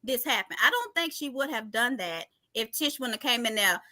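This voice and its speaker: Bright-voiced woman co-hosting a casual chat. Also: fairly high pitch, expressive, no echo. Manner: steers the discussion, quick reactions. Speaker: co-host.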